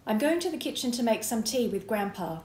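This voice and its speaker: A woman's voice: fairly high pitch, sing-song, fairly quick, darkish tone, reverberant, pitched above the performer's own voice. A woman reading a caring mother who speaks firmly to her children. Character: firm but caring mother.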